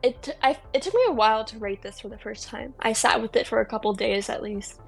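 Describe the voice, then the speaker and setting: A woman's voice: a little high, fast, vocal fry, husky, faint music behind. A woman co-hosting a casual film podcast, talking eagerly with lots of ums. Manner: enthusiastic, chatty, lots of ums. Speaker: podcast co-host.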